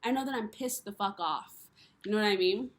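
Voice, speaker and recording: A woman's voice: mid-range voice, a little fast. A woman vlogger speaking straight to the camera in an impassioned, frustrated rant. She is blunt, swears, and repeats phrases for emphasis. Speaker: spiritual vlogger.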